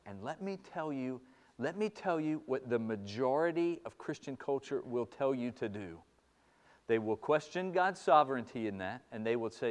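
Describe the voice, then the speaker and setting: A man preaching a sermon, moving from hushed, slow passages to loud, fervent ones and repeating phrases for emphasis. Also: mid-range voice, animated. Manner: impassioned, swings from hushed to loud. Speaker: pastor.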